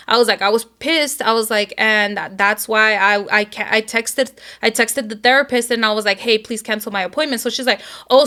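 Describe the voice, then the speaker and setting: A woman's voice: fairly high pitch, bright, forceful tone. A young adult woman, co-host of a podcast, telling a story in casual chat with lots of quoting and swearing.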